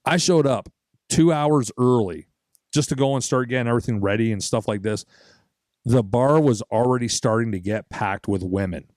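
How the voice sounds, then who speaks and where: Male podcast host, young adult, swearing a lot, animated storytelling, mid pitch, dry close mic. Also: normal speed, dry recording. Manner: profane, animated storyteller acting out other people's lines. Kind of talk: casual storytelling.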